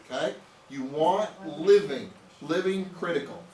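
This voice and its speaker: A slightly high, a little mellow voice with lively intonation moves at a measured pace through a live nutrition training for a small group. The trainer is emphatic, repeats words, and asks "okay?", recorded at a distance in an echoey room with an audience and faint noise.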